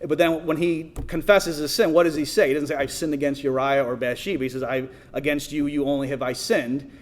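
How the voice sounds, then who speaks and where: A man's voice: a little high, flat delivery, fairly quick. A middle-aged man speaking at a conference, conversational, often checking in with the audience and restarting sentences. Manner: conversational, asks the audience, many restarts and "right?". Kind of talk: conference talk. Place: conference hall.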